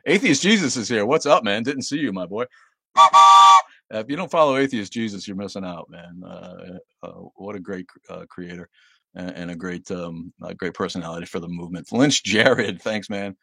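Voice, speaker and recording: A man's voice: fairly low pitch, wildly swooping pitch, moderate pace, vocal fry, sharp tone, slightly rough, no echo, clean studio sound. A man hosting a casual livestream, reading viewer comments aloud and answering them bluntly and sardonically, with frequent fillers and laughs. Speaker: livestream host.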